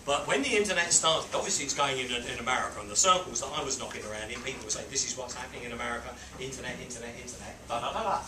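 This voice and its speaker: A man mentoring a small group, telling a business story in a lively way and acting out quotes and beeping sounds. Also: medium pitch, very fast, hardly any pauses. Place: on a boat. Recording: roomy, distant mic with background noise.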